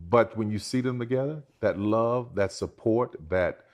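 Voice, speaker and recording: A man's voice: lowish voice, unhurried, a little mellow, lo-fi sound. A man talking emphatically in a casual conversation, acting out other people's words. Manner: emphatic, slips into quoted voices. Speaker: guest in a conversation. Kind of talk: casual chat.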